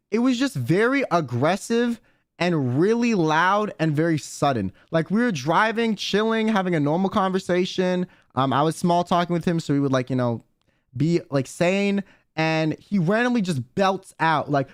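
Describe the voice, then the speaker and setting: A man's voice: high voice, animated, normal speed, fairly bright tone, dry recording, clean studio sound. A young man streamer telling a story casually, rambling and swearing with many fillers. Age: young adult. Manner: rambling, profane, lots of "like" and "um".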